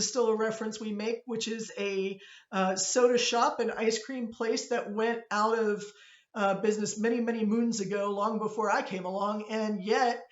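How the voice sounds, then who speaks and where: Pittsburgh lady teaching class, rambly and chatty, a bit high, kinda echoey. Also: lo-fi sound. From Pittsburgh, USA. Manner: chatty and digressive, checks in with "right?". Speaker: college instructor. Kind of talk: classroom lecture.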